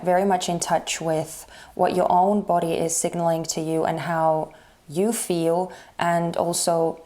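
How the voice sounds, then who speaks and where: Mellow-voiced woman giving a halting tarot reading. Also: lowish voice. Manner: halting, searching for words with many fillers. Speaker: tarot reader. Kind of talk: casual tarot reading to viewers.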